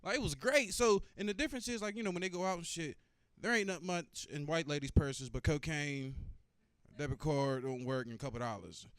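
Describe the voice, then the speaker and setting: A man's voice: on the high side, fairly quick, fairly bright tone, smooth, dry recording, studio quality. A man doing a stand-up comedy set, talking loosely and profanely and working the crowd.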